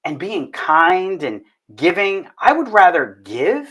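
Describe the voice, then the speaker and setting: A man's voice: high voice, big pitch swings, slow pace, fairly bright tone, husky. A man hosting a casual talk show, joking and stumbling over his words. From northern United States. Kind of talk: casual chat.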